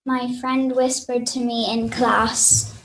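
A woman's voice: fairly high pitch, level tone, slow, poor audio. A woman answering vocabulary questions in a careful, hesitant way. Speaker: children's radio guest.

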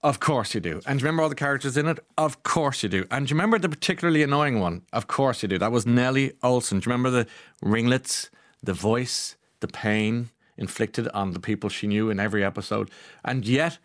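A man's voice: medium pitch, quick pace, fairly bright tone, dry recording, studio quality. A man hosting a radio talk show, chatty with frequent restarts, reading listener texts. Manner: hesitant, chatty, reads texts aloud. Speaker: radio host. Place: radio studio.

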